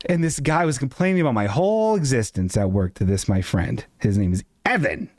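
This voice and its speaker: A man hosting a live stream from his apartment, ranting in a casual, self-mocking way and jumping into squeaky voices for quotes. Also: animated, a little fast, a little mellow, no echo. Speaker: streamer host.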